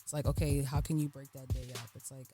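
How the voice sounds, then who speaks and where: A woman therapist as a podcast guest in a studio, speaking calmly and gently with soft fillers. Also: rumbling low, over music. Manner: calm, gentle, measured, many fillers. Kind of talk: casual interview.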